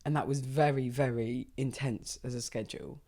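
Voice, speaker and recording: A woman in her thirties, a stand-up comedian, talking casually and at length, animated and swearing freely. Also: extremely low pitch, normal speed. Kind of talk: casual conversation.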